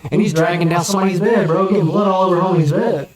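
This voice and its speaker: A man guest on a podcast, telling a story in a casual, animated, slang-heavy and profane way. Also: sits high, fast talker, over a noisy crowd. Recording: roomy echo.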